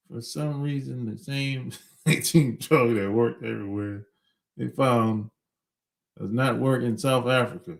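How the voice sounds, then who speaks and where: A man's voice: medium pitch, fairly even intonation, a little slow, gravelly. A middle-aged man hosting a podcast, talking bluntly in a casual opinionated monologue, chuckling between points. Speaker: podcast host.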